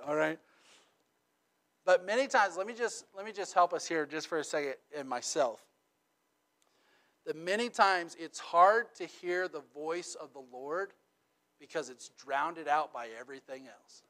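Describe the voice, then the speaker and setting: Middle-aged guy preaching, kinda high voice, super chatty, keeps saying okay and right, goes from loud to really quiet. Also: moderate pace. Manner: dynamic, swinging from loud emphatic to quiet and intimate; conversational, checks in with "okay?" and "right?". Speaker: pastor. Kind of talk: sermon.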